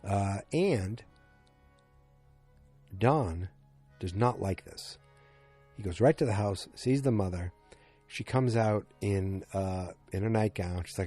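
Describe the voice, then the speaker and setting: A man's voice: on the low side, takes it slowly, long pauses, warm tone, soft background music. A man hosting a fan podcast, recapping an episode in a rambling, casual way and acting out quotes with lots of filler words. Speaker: podcast host.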